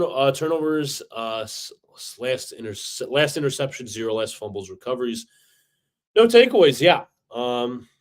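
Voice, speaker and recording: A man hosting a sports fan livestream, talking in a frustrated, repetitive rant full of stumbles and restarts. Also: medium pitch. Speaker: fan podcast host.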